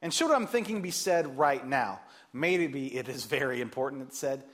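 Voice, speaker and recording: A man preaching a sermon as pastor, animated and joking, acting out the voices he quotes. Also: medium pitch, normal speed.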